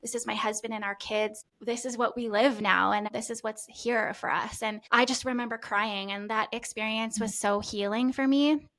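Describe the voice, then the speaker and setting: A woman's voice: fairly high pitch, steady tone, moderate pace, hardly any pauses, fairly bright tone. A woman in her thirties sharing an emotional personal story in heartfelt conversation, earnest and grateful, often restarting her sentences. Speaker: podcast host.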